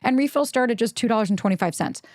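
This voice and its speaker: A woman's voice: on the high side, lively intonation, very fast, darkish tone. A woman hosting a solo podcast, talking casually and emphatically, with frequent swearing. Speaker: podcast host. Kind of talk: solo podcast monologue with ad read.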